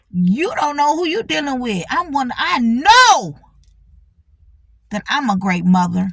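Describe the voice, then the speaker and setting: A middle-aged channel host with a high-leaning voice tells a personal story, animated and profane, bluntly casual, repeating herself and regularly checking in with her audience. The recording is clean studio sound with no room sound.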